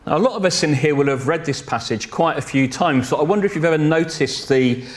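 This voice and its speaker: A man preaching a sermon in a slow, deliberate way, pausing to correct himself and adding a light joke now and then. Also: a little high, animated.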